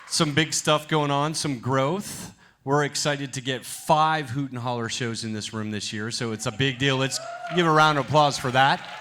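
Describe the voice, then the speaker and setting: A man giving a lively, joking live welcome speech from a theater stage as its executive director, talking through a stage microphone. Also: mid-range voice, normal speed, hardly any pauses, a little hiss or hum. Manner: energetic, joking with the crowd.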